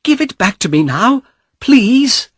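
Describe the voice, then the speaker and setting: A man voicing a frightened young woman in a storybook reading, pleading in a high tone. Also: very animated, slow pace, breathy edge, no room sound, studio quality, full character voice.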